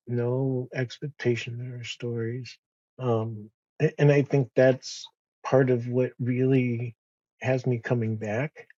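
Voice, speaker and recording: A man speaking as a podcast guest in a slow, soft-spoken, reflective way, pausing often and restarting his sentences. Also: mid-range voice, little pitch movement, no echo, lo-fi sound. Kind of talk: reflective conversation.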